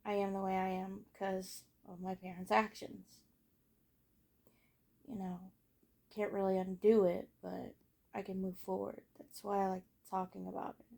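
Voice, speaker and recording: A teenage girl talks through her own life story in a casual, rambling way, full of fillers and blunt swearing. Her mid-range voice carries a gravelly fry, and she lets many sentences fade off softly at the end. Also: mid-range voice, completely flat delivery, moderate pace. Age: late teens. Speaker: vlogger.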